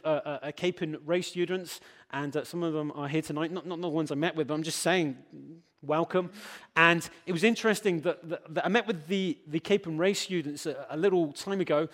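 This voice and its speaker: A man preaching a sermon, stammering on repeated words, then building to emphatic, forceful peaks. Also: on the high side. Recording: long hall reverb.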